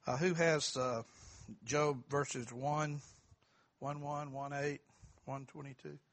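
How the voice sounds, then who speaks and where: A man's voice: fairly high pitch, level tone, slow pace, a bit bright. A middle-aged man teaching a church Bible class, joking and quizzing the group. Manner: folksy, asks the group questions, self-deprecating humor.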